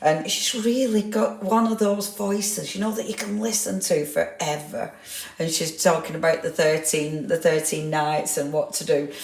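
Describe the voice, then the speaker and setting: A woman with a low, steady, somewhat dark voice and a creaky edge hosts a casual live craft stream at a normal pace. She chats away, greets viewers by name, reads their comments aloud, and laughs often. Her clip-on mic picks up a roomy echo.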